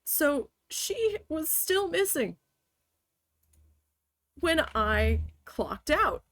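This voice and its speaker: A woman's voice: high voice, very animated, very slow, a bit bright, no room sound, clean studio sound. A woman streamer telling a story in casual chat while she plays, blunt and swearing often. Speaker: game streamer.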